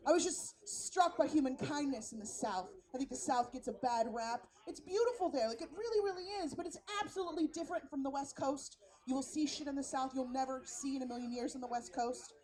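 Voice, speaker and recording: A woman stand-up comedian from San Francisco, telling stories in a brash, profane, animated way on a live stage. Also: sits high.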